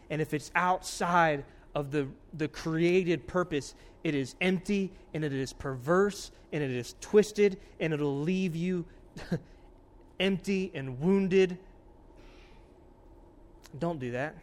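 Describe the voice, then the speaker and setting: A man preaches with a voice pitched a little above most men's. He speaks earnestly, pressing his points loudly and then dropping to hushed warnings. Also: slow pace. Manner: earnest, swings from loud urgency to hushed warnings. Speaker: pastor. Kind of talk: sermon.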